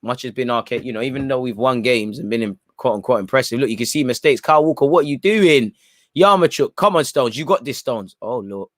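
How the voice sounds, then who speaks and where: A man's voice: mid-range voice, fast, hardly any pauses, no echo, clean studio sound. Chatty opinionated man commenting on a match. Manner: opinionated, chatty, often ends phrases with "man"; reads chat messages aloud and reacts. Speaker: football watchalong host. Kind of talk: live casual match commentary.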